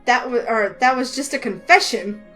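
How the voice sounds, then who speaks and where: A woman reading a romance game aloud in a lively, excitable way, with faint music behind her. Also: fairly high pitch, normal speed, poor audio. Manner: lively, excitable, voices the heroine with outbursts. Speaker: gaming channel host reading a visual novel.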